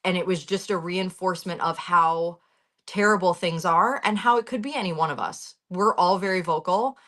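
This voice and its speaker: A woman's voice: on the low side, normal speed, fairly bright tone. Blunt, heated woman on a call. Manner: blunt, swears freely, speaks with heated urgency. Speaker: guest on a talk show. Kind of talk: emotional personal account.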